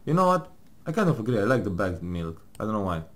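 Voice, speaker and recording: A man's voice: lowish voice, very animated, fast talker, fairly bright tone. A man playing a game with his partner, casually joking, laughing and swearing as he reads questions and answers aloud in a mock-serious tone. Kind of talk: casual gaming commentary, reading game text aloud.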